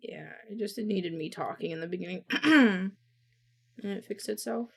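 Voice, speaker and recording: A woman streamer chatting casually to herself, muttering, swearing often and reading script lines quickly. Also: medium pitch, vocal fry, slightly rough.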